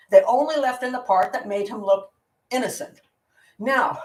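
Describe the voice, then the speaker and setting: A woman hosting a live Q&A as a criminal profiler, talking casually in a blunt, opinionated way, rambling and restarting her sentences. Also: medium pitch. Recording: roomy sound from a distant mic.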